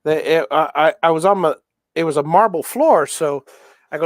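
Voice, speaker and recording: A man's voice: on the high side, lively intonation, moderate pace, no room sound, clean studio sound. Rambling middle-aged man hosting a stream. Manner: rambling, self-interrupting storyteller. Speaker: livestream host. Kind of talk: casual chat while soldering.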